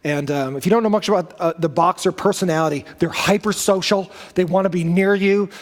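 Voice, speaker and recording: A male pastor preaches in a relaxed, storytelling manner. He corrects himself and wanders into asides. His fairly high voice carries a long reverb through a church sanctuary. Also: fairly quick. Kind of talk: sermon.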